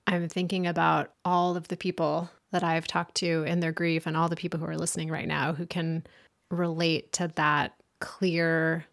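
Woman, podcast host, low voice, gravelly, gentle questions. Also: little pitch movement, moderate pace. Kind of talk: interview.

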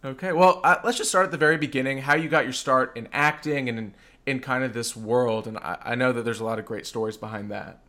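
A man's voice: medium pitch, fast talker, hardly any pauses, sharp tone. A man hosting a podcast interview, eager and enthusiastic, often restarting his phrases. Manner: eager, enthusiastic, some repeated starts. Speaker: podcast host.

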